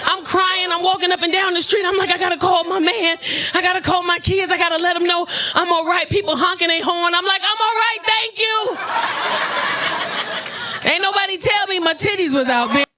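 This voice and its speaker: A stand-up comedian, telling a loud, profane story on stage with punchy delivery. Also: female voice, extremely high pitch, fairly even intonation, fast talker. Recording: noisy live club recording. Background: audience laughter.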